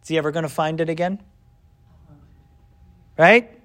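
Guy teaching bible study, slightly high voice, asks questions then answers them, acts out the story bits. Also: normal speed. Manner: animated storytelling with acted-out asides. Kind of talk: casual Bible lesson.

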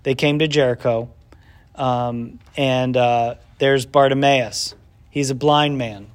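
A man's voice: mid-range voice, slow pace, clean tone. A man teaching a casual Bible lesson who asks the class questions, answers them himself and acts out bits of the story. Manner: animated storytelling with acted-out asides.

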